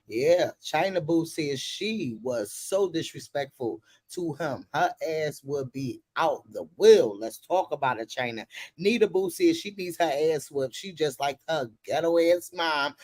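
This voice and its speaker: A commentator in a gossip video, reacting in a loud, profane and dramatic way. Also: medium pitch, animated, unhurried, no echo.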